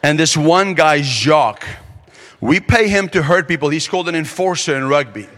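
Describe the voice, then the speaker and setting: Male preacher, high-pitched voice, animated storyteller, long reverb of a big hall. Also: moderate pace. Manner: animated storyteller acting out quotes. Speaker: pastor. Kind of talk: sermon storytelling. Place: large conference hall.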